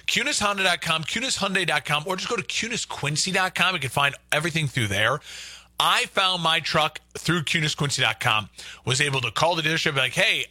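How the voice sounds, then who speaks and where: A man's voice: on the high side, pushed and bright, no echo. A man hosting a local sports talk radio show, arguing his points emphatically and repeating them for stress.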